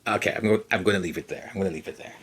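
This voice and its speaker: A podcast host giving casual personal commentary in an animated way, acting out quoted lines and dropping into quiet asides. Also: low-pitched, rapid-fire, a little hiss or hum.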